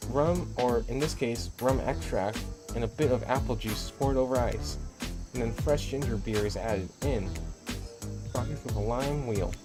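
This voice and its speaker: Brief: playful male streamer, mid pitch, reads every part, music bed. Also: moderate pace. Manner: playful, joking, frequent self-corrections. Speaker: game streamer reading all parts. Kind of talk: casual game playthrough commentary.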